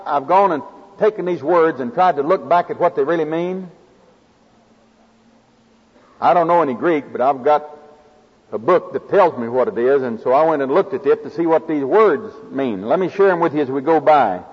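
Folksy Oklahoma preacher, raised pitch. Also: male voice, breathy edge. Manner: folksy, homespun delivery with farm stories. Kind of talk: sermon. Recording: dull lo-fi recording in a reverberant hall.

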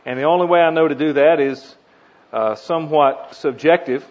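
A man's voice: a little high, normal speed. A man preaching a teaching sermon, earnest, leaning hard on single words for emphasis. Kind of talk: teaching sermon on Bible meditation. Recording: dull lo-fi recording.

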